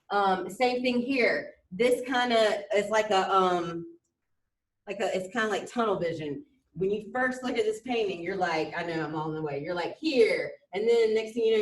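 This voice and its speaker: A woman art teacher lecturing over slides in a chatty way, full of fillers and restarts, raising her pitch to stress key words. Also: recorded from a distance. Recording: echoey room, voice off-mic.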